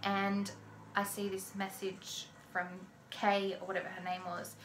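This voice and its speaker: Bright-voiced Australian woman telling a story. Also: mid-range voice, completely flat delivery, measured pace, a little hiss or hum. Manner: chatty, many "like" fillers. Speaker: vlogger telling a personal story. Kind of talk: casual storytime chat. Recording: echoey room. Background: lawn mower faintly outside.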